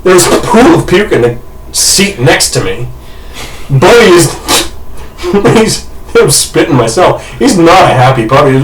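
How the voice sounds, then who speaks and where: A man co-hosting a podcast, telling a comic story casually with loud shouted impressions, swearing and laughter. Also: on the high side, sing-song, measured pace. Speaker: podcast co-host. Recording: roomy, distant, noisy home mic.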